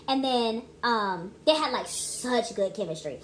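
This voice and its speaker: A woman's voice: fairly high pitch, animated, a little slow, background noise. A young woman casually rambling through a movie review, chatty and emphatic with lots of restarts.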